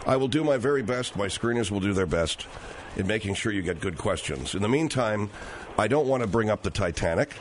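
A man's voice: fairly low pitch, lively intonation, brisk, a little hiss or hum. Defensive male radio host. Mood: placating. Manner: defensive, trying to placate and steer back on track. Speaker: radio talk show host. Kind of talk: call-in radio talk.

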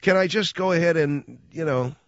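A man riffs in a sarcastic, mocking comic rant, jumping from loud outbursts to low grumbling asides. His voice comes through dry and close, with a slightly dull, muffled sound. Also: normal speed, no room sound.

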